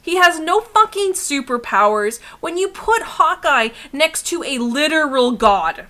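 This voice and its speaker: A young woman on a casual art livestream, talking in a heated, profane rush and laughing as she goes. Her voice sits high and rings bright and sharp. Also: sing-song, unhurried.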